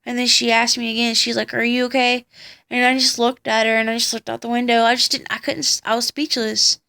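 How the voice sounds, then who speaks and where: A young woman with a somewhat high voice tells her life story to the camera in a vlog. She speaks bluntly, with heavy swearing and heated retellings. She sounds tired. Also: flat delivery, brisk, pushed and bright. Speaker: vlogger.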